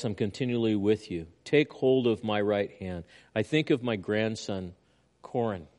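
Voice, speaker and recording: Older man preaching with swings in loudness. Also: mid-range voice. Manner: earnest preaching that swings from loud emphasis to quiet asides. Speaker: pastor. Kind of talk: sermon.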